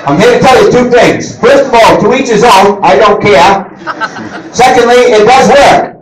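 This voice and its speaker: A middle-aged man doing an animated stand-up set, acting out voices as he tells stories. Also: very high voice, normal speed, crowd noise. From Maine. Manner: animated storytelling, acts out voices. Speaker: stand-up comedian. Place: live event hall with audience. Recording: roomy audience recording from a distance.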